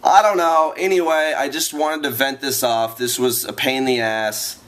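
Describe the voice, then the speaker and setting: A man's voice: medium pitch, steady tone, moderate pace, fairly bright tone. A man ranting to his viewers in a vlog, rambling and exasperated, repeating himself as he vents. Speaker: vlogger.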